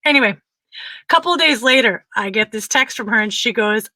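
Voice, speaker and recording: Bright, animated woman telling a story. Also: medium pitch, moderate pace, dry recording. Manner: animated, frequent laughter, acts out quotes. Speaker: podcast co-host. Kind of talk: casual comic storytelling.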